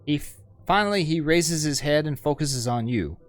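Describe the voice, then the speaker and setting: A man's voice: on the high side, lively intonation, moderate pace, hardly any pauses. A man streaming a game, reading its story aloud and joking about his own voices in a chatty, self-mocking way.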